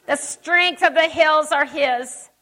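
A woman's voice: high-pitched, takes it slowly, a bit bright. A woman giving a conversational sermon at a church service, emphatic and folksy, with chatty personal asides. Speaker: preacher.

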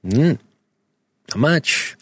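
A man's voice: on the high side, animated, very slow, breathy edge, no room sound. A man in his forties co-hosting a podcast, rambling and joking with casual swearing. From United States. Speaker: podcast co-host. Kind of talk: casual chat. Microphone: studio microphone.

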